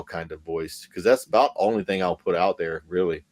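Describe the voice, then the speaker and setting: Man, low voice, excited, profane, lots of fillers, casual podcast guest. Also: a little fast. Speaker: paranormal investigator guest.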